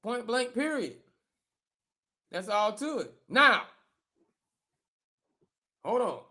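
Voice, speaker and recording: Animated, emphatic man talking football. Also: very high-pitched, takes it slowly. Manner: animated and emphatic, slangy, trash-talking, repeats himself. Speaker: show co-host, former football player. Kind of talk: casual sports talk on a live show.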